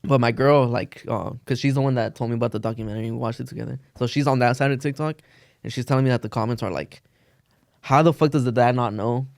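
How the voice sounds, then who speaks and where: A man's voice: mid-range voice, fairly even intonation, rapid-fire, gravelly, no room sound, studio quality. A young man casually telling a long story on a podcast, rambling with lots of "like" and cursing slang. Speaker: podcast co-host.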